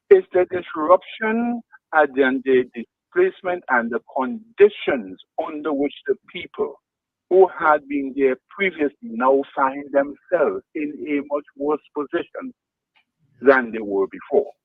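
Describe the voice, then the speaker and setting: Man, radio talk show, deliberate leading questions, lively rising and falling pitch, dry tinny phone-like sound. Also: vocal fry, no echo.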